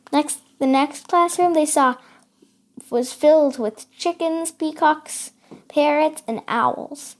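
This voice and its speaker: A woman's voice: high-pitched, slow. A woman reading a children's storybook aloud, carefully and with small slips. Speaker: storybook reader.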